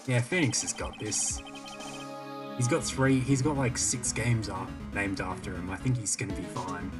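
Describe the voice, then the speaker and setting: Let's-play host, man, lowish voice, casual joking asides to chat, game music loud behind. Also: moderate pace, far from the mic. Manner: joking asides to chat and a friend between lines. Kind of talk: casual gameplay commentary. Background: video game music.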